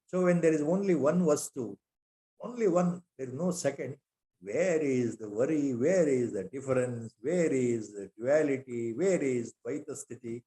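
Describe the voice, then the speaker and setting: A man's voice: medium pitch, normal speed, warm tone. A man with an Indian English accent giving a spiritual lecture on scripture, repeating rhetorical questions and weaving in Sanskrit terms.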